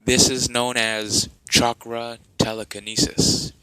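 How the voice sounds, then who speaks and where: Slow, rambling male fan storyteller. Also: mid-range voice, level tone, pushed and bright, smooth, no room sound, low-quality recording. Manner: rambling, many fillers and restarts. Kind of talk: improvised fan story narration.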